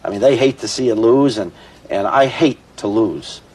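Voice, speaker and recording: A sports team owner giving blunt, emphatic interview answers. His voice is husky and fairly low, and it sounds somewhat distant from the mic. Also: animated, normal speed, a little mellow.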